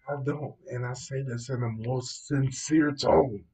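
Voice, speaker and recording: Slow, cursing man, off-mic. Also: medium pitch, a little mellow. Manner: dismissive, heavy swearing, rambling fillers like "yo" and "know what I mean". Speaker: host commenting on news stories. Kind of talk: casual profane commentary. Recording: voice distant from the mic.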